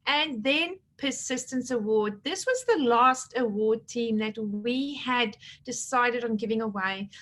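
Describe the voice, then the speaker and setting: Gushing woman with a slightly high voice. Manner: warm, gushing, chatty, retells conversations. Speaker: team leader presenting awards. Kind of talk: casual talk to her team, recapping an awards event.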